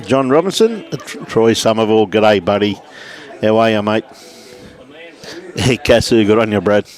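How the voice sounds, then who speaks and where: A man with an Australian accent giving relaxed live lawn bowls commentary indoors at a club, calling the play and greeting viewers by name. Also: fairly low pitch, moderate pace.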